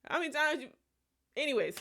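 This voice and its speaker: Animated, swearing woman telling a story. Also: high-pitched, fast. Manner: animated, profane, digressive. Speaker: streamer. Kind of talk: casual storytime on a livestream.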